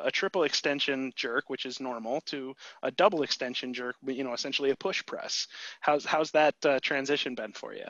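A man hosts a podcast interview, talking quickly and encouragingly and doubling up words as he gets going. The sound is dry and a little dull, as from a simple home mic. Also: medium pitch, a bit bright, dry recording. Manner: fast, encouraging, repeats words when starting phrases. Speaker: podcast host. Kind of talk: casual interview chat.

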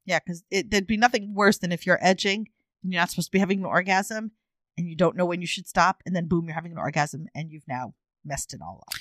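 Low-voiced woman, teasing podcast co-host. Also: fast, dry recording, studio quality. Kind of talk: casual chat.

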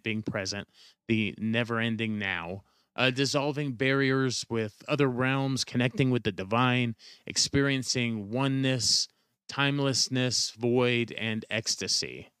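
A man hosting a solo podcast, talking through his material with a smooth, resonant voice at an ordinary middle pitch. He explains loosely and often pauses on fillers or corrects himself mid-sentence. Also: a bit bright, no echo. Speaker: podcast host.

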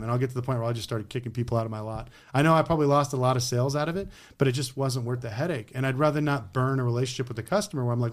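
A man's voice: medium pitch, rapid-fire, hardly any pauses. A man, a former car dealer, talking bluntly in an interview and acting out his customer exchanges. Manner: blunt, animated storytelling with acted customer exchanges. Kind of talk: interview conversation. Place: Las Vegas.

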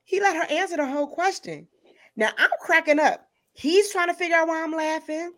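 A woman with a very high voice hosts a podcast, speaking fairly quickly. She tells stories in a casual, chatty way, animated and laughing often as she goes.

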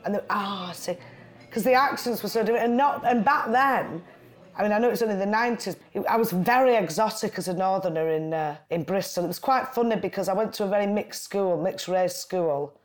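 Guest: Bolton-accented woman, 40s, animated storyteller, casual chat. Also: mid-range voice, a little fast. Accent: Lancashire (Bolton). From Bolton, Lancashire. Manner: lively, chatty storyteller with quoted voices. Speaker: guest, writer and comedian. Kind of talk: casual conversation.

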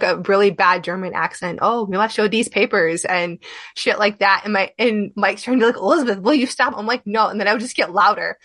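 A woman's voice: medium pitch, a bit bright, no echo. A woman hosting a podcast who tells stories bluntly and without a filter, in a casual conversation. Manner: blunt, unfiltered storyteller. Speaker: podcast host.

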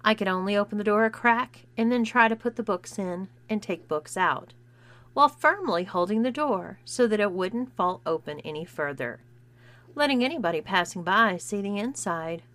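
A woman's voice: mid-range voice, expressive, moderate pace, a bit bright. A woman narrating a first-person story and voicing its dialogue herself. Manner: acts out dialogue with shifting voices.

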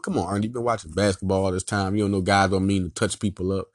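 A man with a Philadelphia accent hosting a sports podcast, ranting in an animated, emphatic, slangy way and repeating his points. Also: on the low side, quick pace, no echo, clean studio sound. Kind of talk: casual sports rant.

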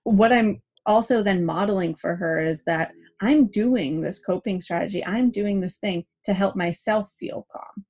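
A woman's voice: mid-range voice, a little slow, few pauses, a little mellow, slightly rough. A young adult woman hosting a parenting show, chatting casually, acting out quoted dialogue and using "like" a lot. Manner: chatty, acts out quoted dialogue, many "like" fillers. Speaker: parenting podcast host. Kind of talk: casual advice chat.

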